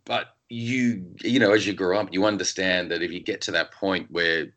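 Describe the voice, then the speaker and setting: Deep-voiced man, rambling author chat. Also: steady tone, normal speed, a bit bright. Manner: rambling, full of "you know" fillers. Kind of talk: casual interview chat.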